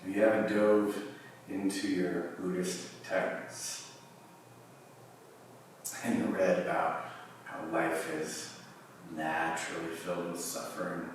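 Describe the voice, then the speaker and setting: A man leads a yoga class, calmly giving cues and leaving long pauses. His voice is low and his delivery slow. He sounds distant from the mic, in a strongly echoing studio with faint noise behind. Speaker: yoga teacher. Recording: distant mic in a very echoey room.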